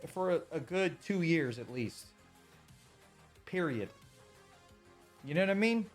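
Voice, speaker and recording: A man on a live stream, talking in a slightly high voice with lots of emphasis and plenty of swearing. He keeps circling back to the same points in loose, casual speech. Soft music plays faintly behind him. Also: expressive, slow. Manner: emphatic, profane, repeats points.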